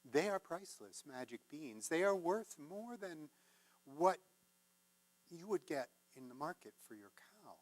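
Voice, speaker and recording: Man voicing a coaxing flamboyant traveler, hushed persuasive voice, slow unhurried delivery, fairy-tale retelling. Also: on the high side, sing-song, no room sound. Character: strange flamboyant male traveler, smooth-talking.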